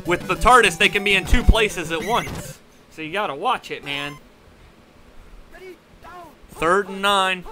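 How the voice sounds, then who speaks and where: A man doing jokey, excitable play-by-play commentary on a video game with a friend, breaking into shouts on big plays. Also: high voice, measured pace, pauses often, over music.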